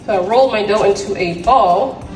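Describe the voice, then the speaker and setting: A woman's voice: medium pitch, normal speed, a little mellow, soft background music. Upbeat chatty woman cooking on camera. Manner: chatty, upbeat, talks straight to viewers. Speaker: home cook host. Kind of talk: casual cooking demonstration.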